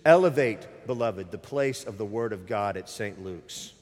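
A middle-aged pastor preaches in a church sanctuary, speaking emphatically and conversationally into a microphone and appealing directly to the congregation. His voice is fairly low, expressive and darkish, a little slow, with a big-room sound.

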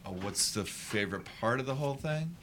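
A man's voice: medium pitch, animated, a little fast, a bit bright, slight background noise. A man, a podcast guest, talking in an enthusiastic, easygoing way.

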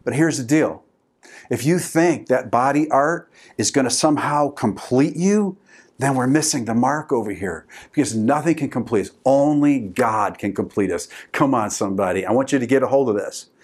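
A man's voice: medium pitch, lively intonation, moderate pace, darkish tone. A male pastor preaching a sermon, telling stories with energy, calling out to the congregation and repeating words for emphasis.

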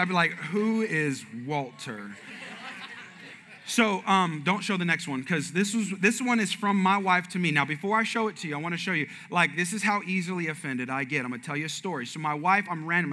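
Man, pastor, humorous sermon, high voice, very bright tone, animated storytelling. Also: fast talker, hardly any pauses, slight background noise. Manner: animated, jumps to high excited pitch in acted-out stories.

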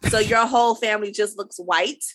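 A woman's voice: mid-range voice, fairly quick, a bit bright, dry recording, rough recording. A woman co-hosting a podcast, chatting casually about a reality show. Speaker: podcast co-host. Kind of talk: casual recap chat.

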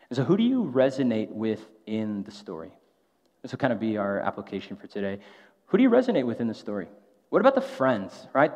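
A man preaching a sermon in a casual, conversational way, often tossing in a rhetorical "right?". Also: mid-range voice. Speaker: pastor. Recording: long hall reverb, dull lo-fi sound.

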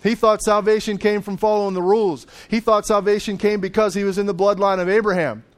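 A pastor with a high, flat voice delivers a sermon quickly and conversationally. He sometimes acts out the voices of biblical figures from the story, with laughs.

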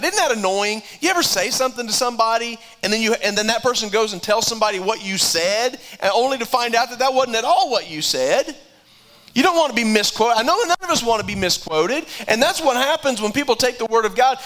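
A man preaching a sermon in a conversational way, often repeating words and climbing higher when he is stirred. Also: lively intonation, normal speed, sharp tone, rough recording.

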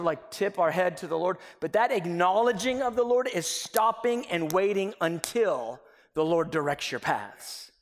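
High-voiced man preaching in a reverberant hall. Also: vocal fry. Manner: animated, acts out everyday dialogue in little scenes; drops to a near whisper for emphasis. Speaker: pastor. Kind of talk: sermon.

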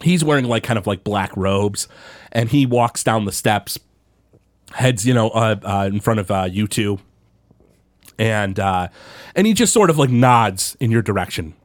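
A man's voice: animated, a little slow, no room sound, clean studio sound. A young man running a tabletop game as game master, rambling with many fillers. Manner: rambling, lots of fillers, pitch jumping around.

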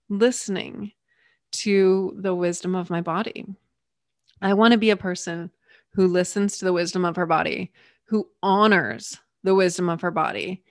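Expressive woman hosting a solo podcast. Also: mid-range voice, dry recording, studio quality. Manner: expressive, acts out quoted voices, drops to a whisper for asides. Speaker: podcast host.

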